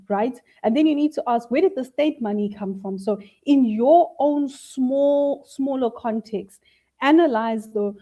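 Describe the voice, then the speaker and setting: A woman's voice: a little high, warm tone, low-quality recording. A woman on a panel, explaining things conversationally with lots of everyday questions. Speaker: panel speaker.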